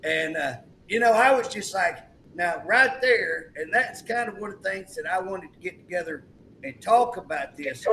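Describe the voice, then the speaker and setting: A man's voice: high-pitched, expressive, normal speed, creaky, bright, forceful tone, slight background noise, low-quality recording. A male talk show host chatting emphatically, retelling a story and acting out the quotes. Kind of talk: political talk show chat.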